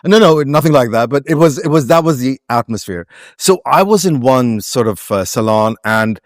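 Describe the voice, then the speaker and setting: A man's voice: mid-range voice, animated, normal speed, no room sound, studio quality. A man with a Pakistani accent talking reflectively as an interview guest, meandering with many restarts and fillers. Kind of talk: conversational interview.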